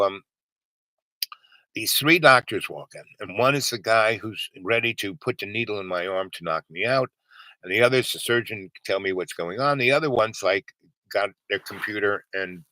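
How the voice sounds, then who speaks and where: A man's voice: on the low side, sharp tone, poor audio. A man telling a long personal story in a rambling, casual way, full of fillers and restarts, acting out other people's lines with a raised voice.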